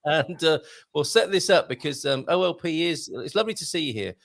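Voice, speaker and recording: A British man in his thirties hosting a chat show, with a gravelly voice that rises and falls in a lively way. He banters and jokes easily with his guest. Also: fairly high pitch, brisk, no echo. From Britain. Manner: jokey, playful, bantering. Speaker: host.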